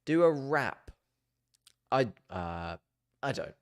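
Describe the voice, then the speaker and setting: A man's voice: mid-range voice, sing-song, normal speed. A man hosting a casual, chatty explainer video, jokey and self-mocking as he banters. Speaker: YouTube host.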